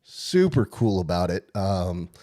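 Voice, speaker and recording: A man co-hosting a casual sports podcast, telling a long story in an excited, rambling way. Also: low-pitched, takes it slowly. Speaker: podcast co-host.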